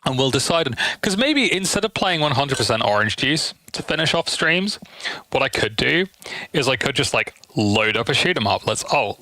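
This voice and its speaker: A man's voice: medium pitch, very animated, normal speed, bright, forceful tone, dry recording. A young man streaming shoot-'em-ups, tired, rambling and swearing freely. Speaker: game streamer. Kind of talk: casual gameplay stream commentary.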